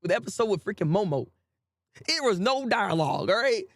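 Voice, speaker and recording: Casually hosting an anime commentary, a man speaks briskly in a high voice, ranting with animation, laughing frequently, repeating himself and swearing casually. The sound is clean studio quality with no room sound.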